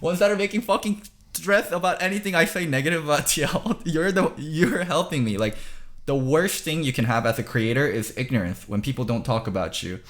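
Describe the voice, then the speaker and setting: A man's voice: on the high side, a little fast, a bit bright. A man hosting a casual esports podcast, talking reflectively and filling his talk with "like". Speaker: podcast host, content creator.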